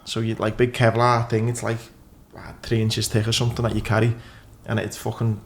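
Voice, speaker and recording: A man hosting a podcast, relaxed and swearing freely as he chats. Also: on the low side, fairly quick, gravelly. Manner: relaxed and sweary, calls people "mate". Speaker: podcast host. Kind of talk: casual chat.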